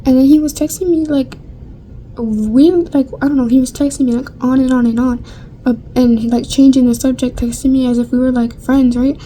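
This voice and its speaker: A woman's voice: sits high, steady tone, normal speed, mellow, slight background noise, rough recording. A young woman vlogger chatting casually through a storytime while getting ready, rambling with lots of fillers and casual swearing.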